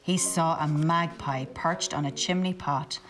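A woman reads a picture book aloud, expressive and unhurried. Her voice sits a little low and she takes her time over each line. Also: soft background music. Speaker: storybook reader.

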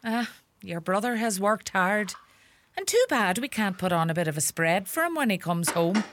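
A woman acting out a bossy, sharp-tongued Irish farm mother in middle age, scolding and fussing in a lilting, lively voice. Her Irish accent is thick. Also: mid-range voice, moderate pace, background noise, natural voice. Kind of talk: comedy sketch acting.

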